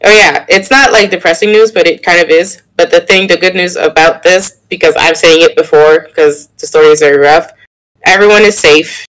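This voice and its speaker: A young man in casual podcast chat, telling an animated story with laughter and sudden jumps in pitch. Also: normal speed, rough recording. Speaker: podcast co-host.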